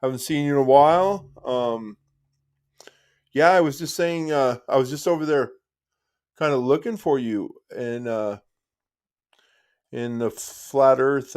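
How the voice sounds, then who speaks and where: A man's voice: mid-range voice, a little mellow. Rambling, friendly live-stream guy. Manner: rambling and friendly, restarts often, calls the listener dude and brother. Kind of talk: casual live-stream chat.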